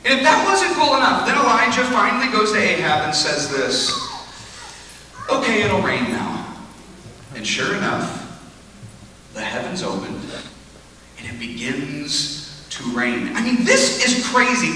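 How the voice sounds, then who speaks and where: A man preaching at a camp retreat, telling a Bible story in a lively, conversational way. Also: sits high, measured pace. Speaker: retreat speaker. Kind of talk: sermon. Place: large hall at a lake camp retreat. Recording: echoey hall, speaker far from mic.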